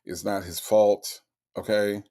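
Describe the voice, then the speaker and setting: A man's voice: lowish voice, steady tone, takes it slowly, warm tone. Chatty man hosting a livestream. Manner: chatty, repetitive, tags lines with okay and all right. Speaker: livestream host. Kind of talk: live-stream chat, reading viewer messages.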